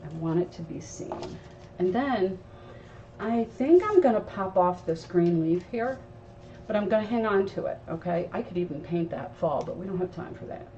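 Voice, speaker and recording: Lively intonation carries her lowish, mellow voice along at a normal speed. A craft show host leading a live tutorial, she chats instructively with viewers while she works; the distant mic makes the recording dull with faint noise.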